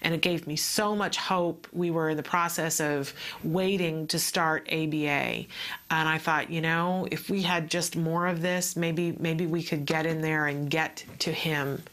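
Bright-voiced woman telling a lively story. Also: sits low, measured pace. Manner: expressive storytelling, acting out quotes. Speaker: parent sharing advice with other parents. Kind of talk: casual teaching talk.

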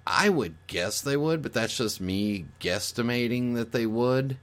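A man's voice: medium pitch, animated, measured pace. A man speaking as a guest on a podcast, giving his opinion in a casual, explanatory way and thinking aloud with fillers and restarts.

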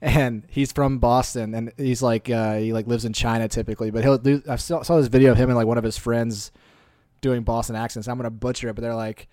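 A man's voice: mid-range voice, flat delivery, fairly quick, darkish tone, no echo, studio quality. A man chatting as a guest on a casual podcast, easygoing and hesitant, laughing easily. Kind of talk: casual conversational interview.

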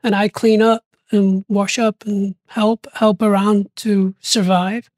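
An older man telling stories in an interview, animated and lively, often acting out what people said and laughing along. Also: sits high, slow, no echo. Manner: animated, acts out quoted voices, laughs often. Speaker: interview guest. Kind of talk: storytelling interview.

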